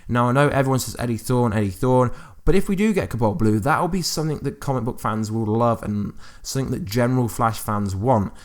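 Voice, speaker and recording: A man's voice: medium pitch, expressive, brisk. A man hosting a fan channel, reading quotes aloud and musing over them in casual commentary with fillers and restarts. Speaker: YouTube fan channel host.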